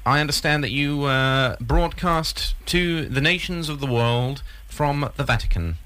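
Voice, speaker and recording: A man making a deadpan prank phone call, hesitant and rambling with many ums. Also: on the high side, measured pace, clear, resonant tone. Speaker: prank caller.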